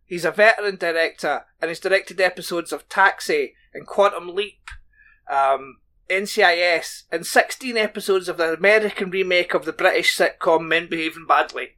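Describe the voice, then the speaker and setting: A man's voice: sits high, normal speed, pushed and bright. A man co-hosting a casual podcast, bantering dryly and laughing often. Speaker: podcast co-host.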